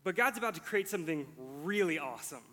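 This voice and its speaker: A man co-hosting a podcast, explaining scripture in a relaxed way, laughing easily. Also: high voice, fast, in a large hall. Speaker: podcast co-host teaching scripture. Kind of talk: casual podcast Bible teaching.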